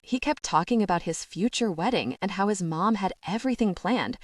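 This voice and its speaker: A woman's voice: mid-range voice, lively intonation, brisk, dry recording, studio quality, recorded from a distance, lightly acted. A woman voicing a nervous, wry young woman who has just come out of a long relationship, sounding flustered and self-deprecating. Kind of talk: audiobook dialogue.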